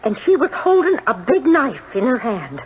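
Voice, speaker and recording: A woman's voice: sits high, wildly swooping pitch, normal speed, slight background noise. An actress playing a nervous young woman witness who stammers and hesitates through her testimony in a 1970s radio drama. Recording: dull old radio broadcast.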